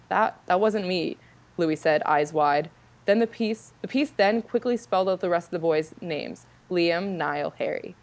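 A woman reading her own comic fan story aloud, then chatting casually about it with lots of fillers and laughter. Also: deep voice.

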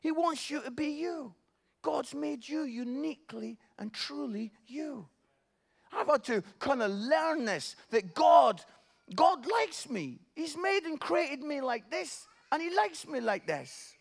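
Guy preaching, really high voice, jokey and animated storyteller. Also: slow, vocal fry. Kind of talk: sermon.

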